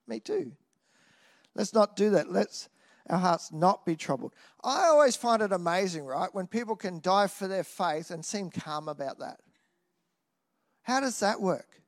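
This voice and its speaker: A man preaching a sermon in an animated way, swinging from loud exclamations to quiet asides and often tossing in a "hey?". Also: high voice, measured pace.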